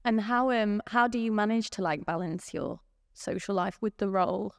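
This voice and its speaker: A woman's voice: medium pitch, moderate pace, smooth, in a large hall. A woman interviewing a colleague, asking loose, upbeat questions.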